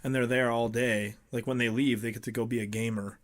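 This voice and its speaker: A man's voice: medium pitch, little pitch movement, a little fast. Easygoing young guy agreeing, "yeah". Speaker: podcast co-host. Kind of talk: casual podcast chat. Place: podcast studio.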